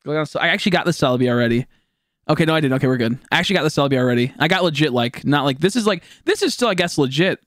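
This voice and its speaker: A young man streaming a video game, chatting casually with viewers, excitable, profane and often laughing. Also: on the high side, rapid-fire, dry recording, clean studio sound. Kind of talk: casual gameplay stream commentary.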